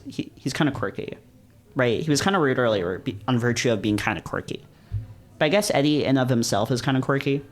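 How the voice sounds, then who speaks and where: A man reading a visual novel aloud in the first person, breaking off into casual, swearing, laughing commentary. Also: medium pitch. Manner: casual, swears and laughs, quick animated reactions.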